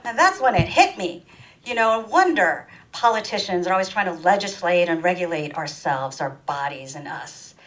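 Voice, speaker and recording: A woman from Ohio performing stand-up storytelling in a small arts venue, playful and animated, slipping into the voices of the people she quotes. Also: normal speed. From Ohio, USA. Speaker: comedian. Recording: distant mic with faint rumble.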